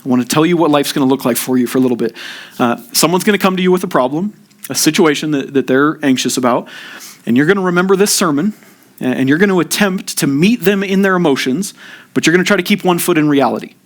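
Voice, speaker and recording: A man's voice: on the high side, fast. A man preaching a sermon at a church service in an earnest way, his voice rising with emphasis when he acts out people's complaints. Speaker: pastor.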